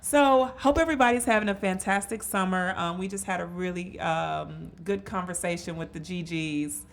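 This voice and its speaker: A woman's voice: lowish voice, moderate pace, gravelly. Teasing woman co-host. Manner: lively, teasing banter. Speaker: podcast co-host. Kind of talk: casual chat. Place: office.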